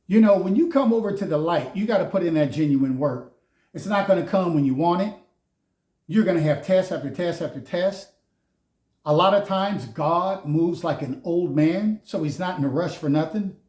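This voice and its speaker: A man's voice: high-pitched, moderate pace, darkish tone. A man giving a casual spiritual tarot reading, preachy and mocking, often laughing at those he speaks of. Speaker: tarot reader. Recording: roomy echo.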